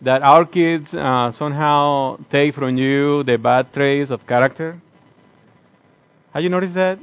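Male speaker, conversational and earnest, keeps asking the listeners questions, somewhat high-pitched, muffled lo-fi audio. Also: unhurried, clear, resonant tone. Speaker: speaker addressing his community. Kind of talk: reflective morning talk.

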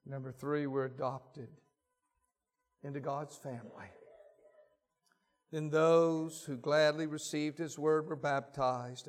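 A man preaching a sermon, reading scripture aloud and telling stories with voiced quotes. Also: a little high. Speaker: pastor.

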